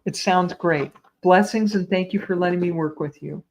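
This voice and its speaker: A woman giving live psychic readings to online viewers in a gentle, reassuring way, calling them sweetheart and my dear. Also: lowish voice, moderate pace, background noise. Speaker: psychic medium.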